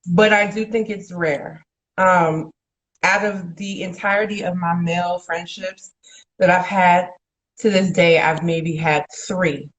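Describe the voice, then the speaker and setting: A woman's voice: on the low side, poor audio. A young adult woman co-hosting a casual podcast, speaking candidly and laughing as she tells stories about friendships. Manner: candid, laughs as she talks, quotes others in big voices. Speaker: podcast co-host. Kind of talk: casual chat.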